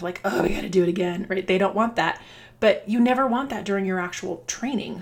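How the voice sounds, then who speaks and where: A woman dance coach giving earnest, conversational advice to other coaches. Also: medium pitch. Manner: earnest, conversational, restarts and fillers. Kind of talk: instructional talk to coaches.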